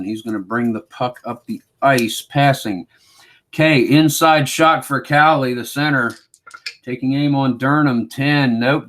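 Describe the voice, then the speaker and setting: A man running a solo tabletop hockey game, calling each play like a sportscaster in a relaxed, self-mocking way. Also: mid-range voice. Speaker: board game player and host.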